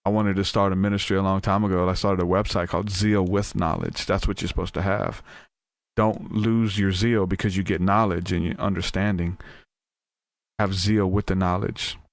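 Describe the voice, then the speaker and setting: Low-voiced man telling a story on a podcast. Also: moderate pace, no room sound. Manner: animated, acts out quoted voices, frequent restarts. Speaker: podcast host.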